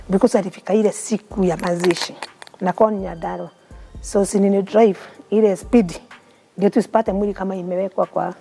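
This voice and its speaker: A Kenyan woman telling her own story in an interview, earnest and heartfelt. Her voice is gravelly and husky, with a mellow, dark tone. Soft music plays faintly behind her. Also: medium pitch. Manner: mixes English and Swahili, earnest and heartfelt. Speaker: interview guest. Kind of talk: emotional personal storytelling.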